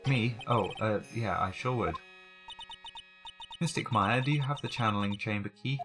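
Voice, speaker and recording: A man's voice: fairly low pitch, normal speed, natural voice. A man voicing a young male lawyer who hesitates and stammers, over game music. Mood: hesitant.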